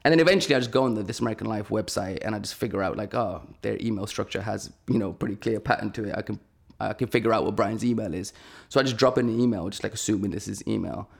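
A man tells a long story in a loose, rambling way, piling up fillers as he goes. His voice sits low with a gravelly edge, and he talks very fast. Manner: animated, rambling with many fillers. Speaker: podcast guest. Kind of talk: casual storytelling.

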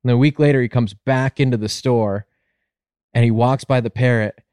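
A man's voice: fairly even intonation, moderate pace, darkish tone, clear, resonant tone, dry recording, clean studio sound. A man on a podcast telling a long joke in casual chat, rambling and acting out the characters. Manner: rambling storyteller, acts out voices with big pitch jumps. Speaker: podcast co-host.

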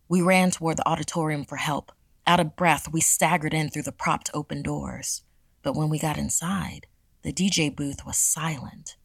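A woman narrating a scripted horror story in a measured, dramatic way. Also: deep voice, creaky, no room sound.

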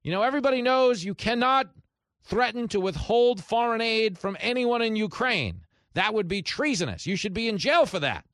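A man's voice: high-pitched, animated, moderate pace, fairly bright tone, dry recording, clean studio sound. A man hosting a radio talk show, delivering a heated, sarcastic opinion monologue. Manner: heated, sarcastic, mocking voices of opponents.

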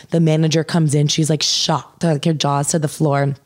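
A young woman with a notably low voice tells a long personal story. She fills nearly every phrase with "like" and swears offhandedly, as casual podcast chat. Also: level tone, normal speed. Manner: says "like" constantly, swears casually.

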